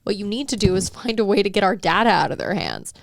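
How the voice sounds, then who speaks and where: A woman's voice: medium pitch, lively intonation, fast talker, gravelly, no echo. A woman co-hosting a podcast in casual chat, sarcastic and opinionated, often reading comments aloud. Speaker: podcast co-host.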